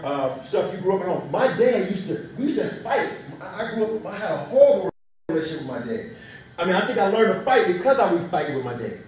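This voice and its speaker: A young man giving a motivational speech to a youth audience, telling animated stories. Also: sits high, slight background noise. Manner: animated storyteller. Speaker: youth speaker. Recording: echoey hall, mic far off.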